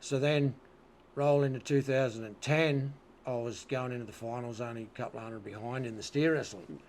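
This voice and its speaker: A man's voice: medium pitch, fairly even intonation, fairly quick, a little mellow, slight background noise. A man with an Australian accent telling rodeo stories as an interview guest, laid-back, swearing freely and often asking "you know what I mean". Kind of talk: casual storytelling.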